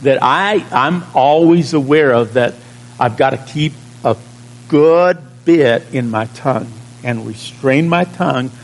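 A pastor preaching a sermon in a conversational way, stretching out key words and checking in with the congregation. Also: male voice, medium pitch, measured pace, poor audio.

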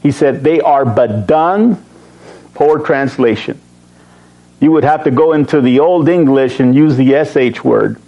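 A man teaching a Bible study, reading verses slowly and stressing key words, with joking asides to his class. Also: medium pitch, lo-fi sound. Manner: emphatic, slows to read verses, joking asides.

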